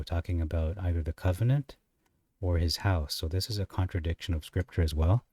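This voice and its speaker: A man's voice: low voice, fairly even intonation, normal speed, warm tone, no room sound, studio quality, far from the mic. A man teaching scripture, reading verses aloud and explaining them with rhetorical questions. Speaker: Bible teacher. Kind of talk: unscripted scripture commentary.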